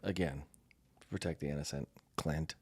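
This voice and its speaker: Speaking with a very deep, slightly rough voice at a moderate pace, this middle-aged podcast co-host from the United States animatedly spins a story in casual conversation. The recording is dry, and he performs the voices of the story's characters as he quotes them.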